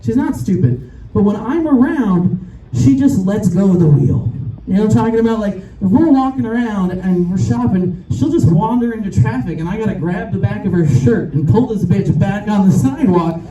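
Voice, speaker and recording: A woman's voice: medium pitch, animated, normal speed, warm tone. A middle-aged woman performing a brash, profane stand-up comedy set with crowd work. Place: rooftop bar show with a live audience. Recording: echoey, distant mic, crowd noise.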